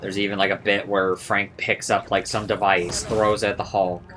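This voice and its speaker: A man's voice: on the low side, level tone, normal speed, a bit bright, slight background noise. A man casually reviewing a film, rambling and sarcastic, with lots of swearing.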